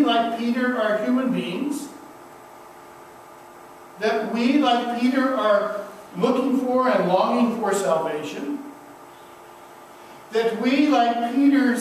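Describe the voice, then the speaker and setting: Slow, high-voiced pastor in echoing church. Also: male voice, slight background noise. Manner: slow, emphatic preaching with repeated refrains. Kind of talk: sermon. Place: church sanctuary. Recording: echoey church from a distance.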